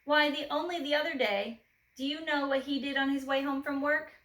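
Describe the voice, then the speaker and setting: A woman reading a children's storybook aloud expressively, gently asking the listener questions. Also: high-pitched, fairly even intonation, fairly quick, roomy sound, rough recording.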